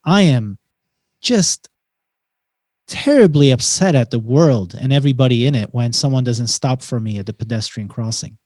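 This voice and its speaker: A man's voice: medium pitch, moderate pace, no room sound, studio quality. A man chatting as a podcast guest, telling stories with emphasis and acting out bits of dialogue. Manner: animated storyteller who acts out dialogue and often says "man". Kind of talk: casual conversation.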